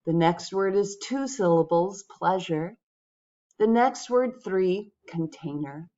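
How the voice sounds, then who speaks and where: Slow, patient woman teaching English. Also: mid-range voice, dark tone, highs cut off. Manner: patient, clear, addresses viewers directly. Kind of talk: pronunciation lesson.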